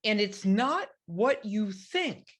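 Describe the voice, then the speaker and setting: A woman's voice: mid-range voice, very animated, slow pace. A woman doctor talking as a podcast guest, emphatic and encouraging, acting out other people's thoughts as she speaks. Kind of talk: animated conversational advice.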